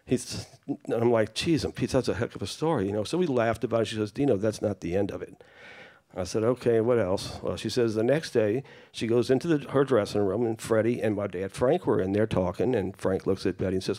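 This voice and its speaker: Speaking a little fast in a mid-range voice, a man shares family stories with a festival audience. He's animated, imitating each person he quotes as the anecdotes unfold.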